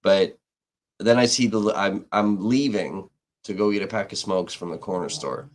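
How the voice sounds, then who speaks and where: A man live-streaming tells a rambling story in casual chat, getting heated and swearing freely as he keeps restarting his sentences. His voice is on the low side and his pace is normal.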